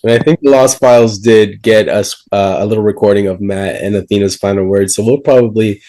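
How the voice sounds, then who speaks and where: Mellow low-voiced man hosting. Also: fairly quick, poor audio. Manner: steady, leads the talk with questions. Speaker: reunion host. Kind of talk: hosting a recap.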